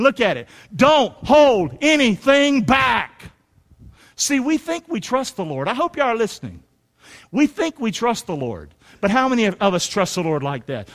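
A middle-aged male pastor preaching a sermon in a folksy, preacherly way that rises to shouts. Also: sits high, long reverb tail.

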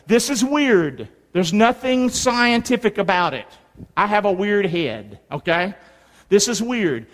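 Pastor, middle-aged man, high lively voice, big call-and-response sermon, long hall reverb. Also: slow pace. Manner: animated call-and-response preaching with hand signs. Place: church sanctuary.

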